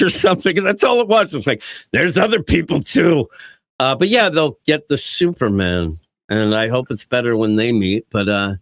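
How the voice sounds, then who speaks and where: A man co-hosting a casual podcast chat, animated and quick to act out quoted lines. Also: medium pitch, no room sound, studio quality. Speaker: podcast co-host reviewing comics.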